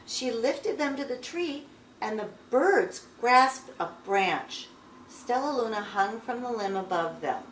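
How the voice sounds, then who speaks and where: A woman reading a picture book aloud at home, with expressive storytelling. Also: a little high, takes it slowly, a little hiss or hum. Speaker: storybook reader. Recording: echoey room, a bit distant.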